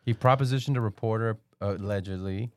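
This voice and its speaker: Low-voiced man sharing stories. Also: quick pace, a little mellow, no room sound, clean studio sound. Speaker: podcast co-host. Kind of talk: casual chat.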